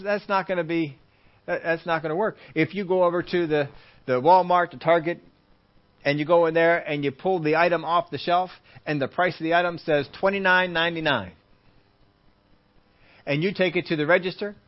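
A man preaching a sermon in a fairly high voice. He acts out everyday scenes and repeats his points for emphasis. The recording sounds dull and muffled. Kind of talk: sermon with Bible teaching.

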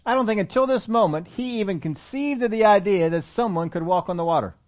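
A man's voice: high-pitched, quick pace. A man preaching a sermon in a conversational way, often asking his listeners questions. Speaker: pastor. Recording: muffled lo-fi recording.

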